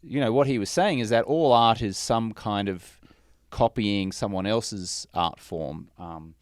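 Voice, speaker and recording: A male podcast host with a very deep voice and a smooth, resonant tone. He asks measured, thoughtful questions and adds personal asides. The sound is dry and close. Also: no echo. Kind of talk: interviewing a guest.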